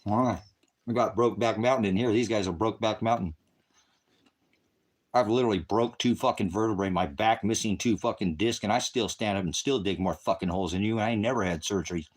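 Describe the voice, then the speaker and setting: A man's voice: fairly low pitch, brisk. Profane, combative man ranting at chat. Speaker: livestreamer. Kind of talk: angry livestream rant at chat. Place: rural farm, partly outdoors.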